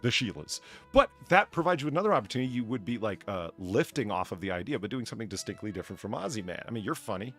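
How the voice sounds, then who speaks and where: Animated rambling podcast host man. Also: fairly low pitch, fast talker, hardly any pauses, soft background music. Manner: rambling, joking, profane. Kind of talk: casual podcast chat.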